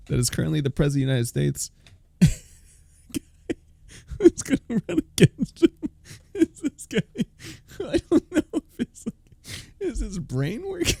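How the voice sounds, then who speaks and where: A man's voice: high voice, creaky, darkish tone, breathy edge, no room sound. A man live-streaming a reaction, incredulous, laughing often and swearing.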